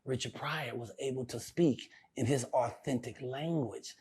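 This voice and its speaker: An older male comedian telling stories in a casual interview, profane and animated, often laughing. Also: mid-range voice, unhurried.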